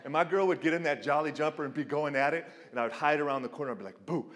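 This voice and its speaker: Middle-aged male pastor, animated sermon, hall reverb. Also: very fast. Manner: animated storytelling, acts out quotes with big pitch jumps.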